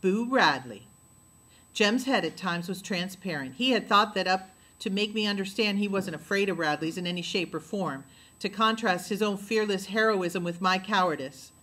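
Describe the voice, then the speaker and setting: A woman reading a novel aloud, with steady storytelling and lowered dialogue tags. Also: normal speed. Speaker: narrator.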